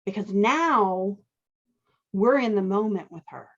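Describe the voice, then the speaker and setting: A woman's voice: mid-range voice, animated, slow pace, dull audio. A woman hosting a show, casually teaching dialogue as she edits a manuscript and often asking "right?" as she thinks aloud. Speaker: host and dialogue editor. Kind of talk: casual teaching chat while editing a manuscript.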